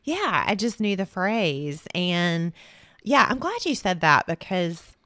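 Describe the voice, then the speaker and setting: A woman with a lowish voice tells a personal faith story in casual conversation. She talks in a chatty way and often restarts her sentences. The sound is dry and close. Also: very animated, takes it slowly, fairly bright tone, dry recording. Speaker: podcast guest.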